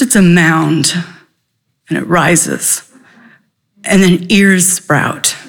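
A woman telling a personal story live, animated, with dramatic pacing and vivid pauses. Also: fairly low pitch.

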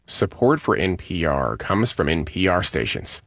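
A male radio announcer reading sponsor credits in a smooth, polished way. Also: deep voice, sing-song, measured pace, a bit bright, dry recording, studio quality.

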